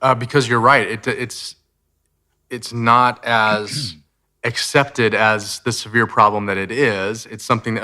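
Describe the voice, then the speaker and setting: Male podcast host, bright voice on the low side, attentive and conversational. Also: steady tone, unhurried. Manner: attentive, with short backchannel replies. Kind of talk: conversational interview.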